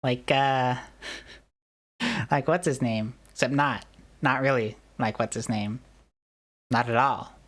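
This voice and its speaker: A woman's voice: extremely low pitch, takes it slowly, pauses often, a little hiss or hum. A woman streamer in casual chat, rambling and joking at her own expense. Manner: rambling, self-deprecating, jokey.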